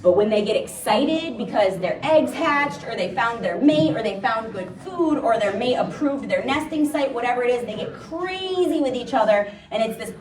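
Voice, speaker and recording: A chatty woman nature educator talks lightly and playfully to a live group. Her voice sits a little high. She sounds far from the mic, in a room with a clear echo. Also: lively intonation, moderate pace, hardly any pauses, crowd noise. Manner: chatty and playful, imitating bird calls. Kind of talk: live educational talk to an audience. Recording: echoey room, distant mic.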